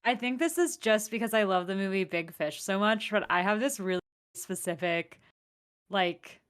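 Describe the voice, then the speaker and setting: A woman co-hosting a casual podcast, excitable and quick to gasp and laugh. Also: mid-range voice, clean tone. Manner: excitable, gasps and laughs easily. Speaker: podcast co-host. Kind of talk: casual chat.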